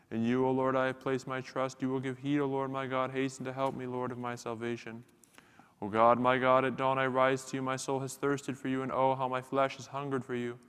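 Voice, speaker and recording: A man chanting psalms at a church liturgy in a steady, unwavering monotone. His voice is smooth and resonant at a middle pitch. The long reverb of the church hangs after every phrase.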